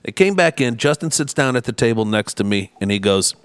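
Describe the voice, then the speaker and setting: A man's voice: mid-range voice, animated, brisk, a bit bright, smooth. A man co-hosting a casual podcast, teasing a friend and retelling a night out. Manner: teasing storyteller, quotes friends for laughs. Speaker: podcast co-host. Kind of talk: casual beer podcast banter.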